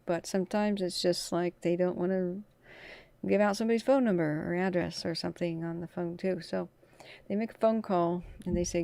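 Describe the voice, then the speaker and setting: A woman's voice: lowish voice, vocal fry, dark tone. A tired woman hosting a casual live wildfire stream, chatting over scanner radio. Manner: chatty, talks through radio traffic. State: tired from little sleep. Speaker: wildfire livestream host.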